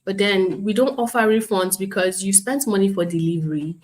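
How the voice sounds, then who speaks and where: A woman instructor teaching an online class, speaking calmly and professionally, acting out customer calls as examples. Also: mid-range voice, fairly quick. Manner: calm, explains with role-played customer examples. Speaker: bootcamp instructor.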